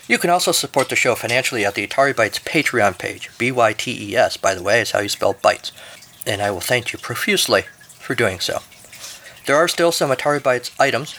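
A man's voice: on the low side, bright, forceful tone, a little hiss or hum. A man hosting a podcast, narrating a comic story and reading the outro with dry, jokey asides. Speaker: podcast host.

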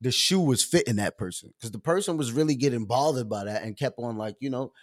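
A man's voice: mid-range voice, fast. A man hosting his show, telling a story in a casual rant with passion and conviction, full of slang and fillers. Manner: passionate, emphatic, conversational; loose slangy speech with many fillers. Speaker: show host.

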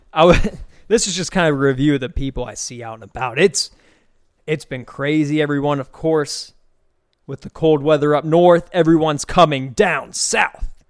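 A man's voice: mid-range voice, no echo, clean studio sound. A man hosting a casual solo podcast, rambling through loose, profane, amused stories and opinions. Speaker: podcast host.

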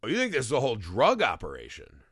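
A man's voice: medium pitch, wildly swooping pitch, fast talker, a bit bright, breathy edge, no echo, clean studio sound. A man co-hosting a casual comedy podcast about a movie, riffing and swearing freely as he mocks the plot. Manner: profane, riffing, does mocking quoted voices. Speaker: podcast co-host.

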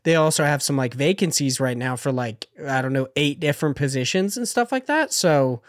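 A man's voice: mid-range voice, animated, brisk, dry recording, studio quality. A man chatting casually on a gaming podcast, rambling and full of fillers.

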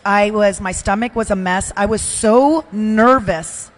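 A woman's voice: mid-range voice, unhurried. An older woman chatting as a podcast guest, emotional and self-deprecating, with frequent restarts. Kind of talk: casual chat.

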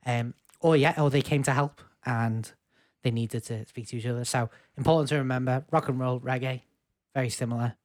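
A man's voice: medium pitch, steady tone, a little fast, hardly any pauses, a little mellow, no room sound. A man from England co-hosting a casual music podcast, rambling through his points with lots of ums and restarts. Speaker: podcast co-host.

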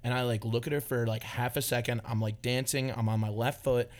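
A man's voice: medium pitch, steady tone, fairly quick. A young man hosting a casual podcast, telling a rambling story full of filler words. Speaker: podcast host. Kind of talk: casual chat.

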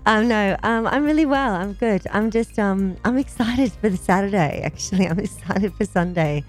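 A woman's voice: medium pitch, normal speed, soft background music. A woman co-hosting a morning radio show, bubbly and enthusiastic, often giggling. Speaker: radio co-host.

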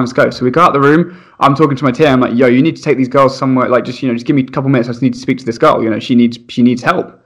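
A young man, a primary school teacher, telling funny stories in casual chat, animated and laughing, acting out voices. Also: mid-range voice, lo-fi sound. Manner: animated, laughing, acts out voices in his anecdotes.

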